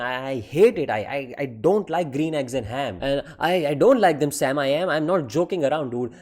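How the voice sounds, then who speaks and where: A man's voice: medium pitch, darkish tone. Exasperated man ranting profanely. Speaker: anime commentary creator. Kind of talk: comedic rant.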